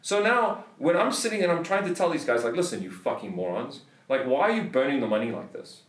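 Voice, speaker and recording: A man's voice: medium pitch, very animated, fairly quick, echoey room, far from the mic. A South African man on a podcast, telling a story in a heated, swearing rant. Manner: swears a lot, heated ranting. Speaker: podcast host. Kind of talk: casual storytelling.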